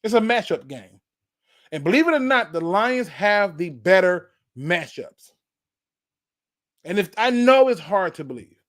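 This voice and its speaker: A man's voice: high-pitched, sing-song, measured pace, pauses often, fairly bright tone. Fired-up man ranting about football. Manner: fired-up, preachy, repeats points. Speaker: sports channel host. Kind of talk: fan sports rant.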